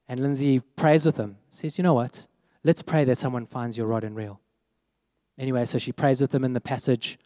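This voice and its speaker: A man telling a lively personal story as part of a sermon, acting out the voices of the people in it. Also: medium pitch, no echo, clean studio sound, in a large hall. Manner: animated storytelling, acts out quoted voices. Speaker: preacher.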